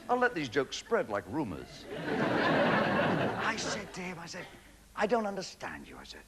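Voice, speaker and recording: A man's voice: on the high side, wildly swooping pitch, over a noisy crowd. A man delivering a stand-up comedy monologue as the show's host, punching out one-liners. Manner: brisk joke-telling with punchlines. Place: TV studio stage before an audience. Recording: 1980s TV studio with a laughing audience, noisy.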